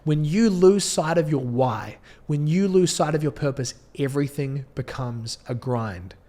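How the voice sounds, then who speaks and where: A man's voice: fairly high pitch, a little slow, dark tone. Earnest New Zealand man coaching on camera. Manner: earnest, preachy, with frequent restarts and light laughs. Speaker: business coach. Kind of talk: direct-to-camera motivational talk. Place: indoor filming setup.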